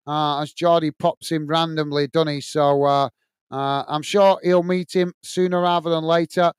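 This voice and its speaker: A man's voice: on the high side, little pitch movement, moderate pace, clear, resonant tone, no echo, studio quality. An English man hosting a live football watch-along, casually reading out viewer comments and giving friendly, repetitive sign-offs with lots of fillers.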